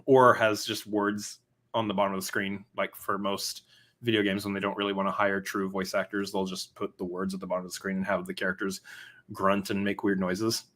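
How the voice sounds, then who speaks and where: A man co-hosting a casual podcast chat, animated and jokey, prone to goofy asides. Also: low voice, fairly quick. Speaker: podcast co-host.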